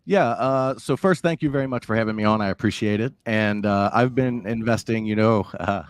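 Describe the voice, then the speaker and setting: A man appearing as a guest trader on an interview show, explaining his approach in a steady, earnest way. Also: on the low side, a little fast, hardly any pauses, no room sound. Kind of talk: interview answers.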